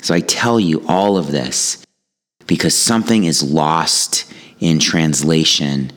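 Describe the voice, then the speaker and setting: A man with a remarkably deep, low voice tells a personal story. He speaks as a yoga teacher and speaker, calm and reflective, with a wry sense of humor running through the anecdote. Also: takes it slowly. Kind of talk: storytelling monologue.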